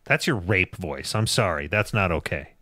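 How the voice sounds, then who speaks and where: A man's voice: low voice, animated, sharp tone, no echo, studio quality. A man co-hosting a podcast, profane and teasing in casual banter. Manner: profane, teasing, quick to laugh. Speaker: podcast co-host.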